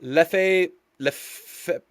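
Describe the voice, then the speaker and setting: Man, race stream host, chatty, excited, filler-heavy, dry close sound. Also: high voice, drawn-out words, dry recording. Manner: hyped, loose and chatty, with many fillers. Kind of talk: live-stream race commentary.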